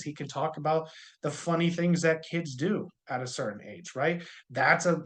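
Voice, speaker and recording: Man coaching with a higher voice. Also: fairly bright tone. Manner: jokey, conversational, uses corny humor. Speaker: insurance sales trainer. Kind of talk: casual training talk.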